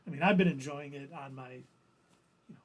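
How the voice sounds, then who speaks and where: A man's voice: medium pitch, a little fast, highs cut off. A man co-hosting a casual fan podcast, easygoing, reading listener comments aloud.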